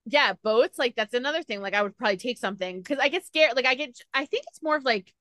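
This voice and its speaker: A woman hosting a podcast in casual chat, talking with lots of fillers and animated retelling. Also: on the high side, fast talker, no room sound, studio quality. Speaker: podcast host.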